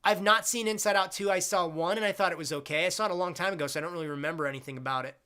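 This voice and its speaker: A young man with a fairly high, bright and forceful voice chats loosely with his viewers on a live stream. He rambles, gets blunt, and swears casually while he reads comments aloud. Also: racing, clear, resonant tone.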